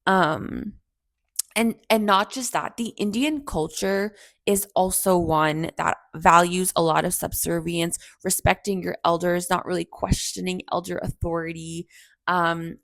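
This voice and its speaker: A woman in her thirties with a gravelly mid-range voice hosts a podcast, recorded with no echo. She reflects on a personal story as she chats, acting out the people in it.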